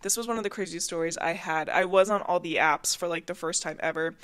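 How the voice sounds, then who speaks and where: A woman in her twenties, hosting a podcast and telling her stories in a chatty, animated way, often laughing. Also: on the low side, a little fast. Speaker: podcast host. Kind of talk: casual storytelling.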